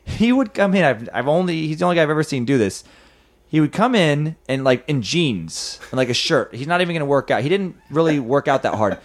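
Animated man telling stories with profanity. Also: fairly high pitch, fairly quick. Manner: animated storytelling, profane, with frequent restarts. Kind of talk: casual comedy podcast chat.

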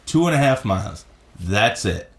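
Animated man telling a drunken story. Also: lowish voice, normal speed, reverberant. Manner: animated storyteller, acts out shouted quotes. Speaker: podcast guest. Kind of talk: storytelling in casual chat.

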